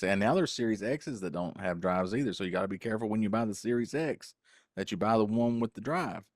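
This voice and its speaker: An older man co-hosting a casual podcast with a low voice. He jokes in a folksy way and talks straight to his chat. The recording is dry and close. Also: a little mellow, dry recording. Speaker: co-host.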